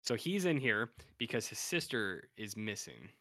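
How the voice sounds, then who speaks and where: A man's voice: fairly low pitch, very animated, normal speed, a bit bright, dry recording, studio quality. A man hosting a podcast, casually recapping episodes in a rambling, self-correcting way with some profanity. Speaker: podcast host.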